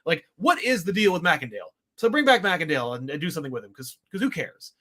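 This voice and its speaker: Racing along in a sing-song, slightly high voice that sounds pushed and bright, a male podcast co-host chats casually about comics. His review rambles, with a wry, exasperated edge.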